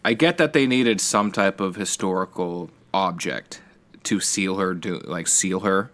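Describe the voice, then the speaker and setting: Co-host, male, lowish voice, rambling casual reviewer, swears easily. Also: measured pace, a bit bright. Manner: loose and rambling, restarts words, swears casually. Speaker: podcast co-host. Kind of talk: casual movie review chat.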